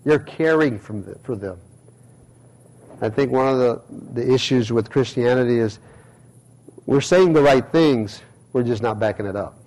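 A man's voice: medium pitch, moderate pace, pauses often, a little mellow, rough recording. A middle-aged male pastor giving a conversational sermon, acting out everyday quotes as he preaches.

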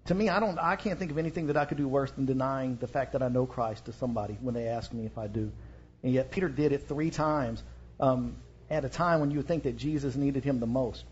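A man's voice: mid-range voice, fairly quick, darkish tone, husky. A man with a Texan accent preaching a sermon in a casual, conversational way, using slang and fillers. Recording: dull lo-fi recording.

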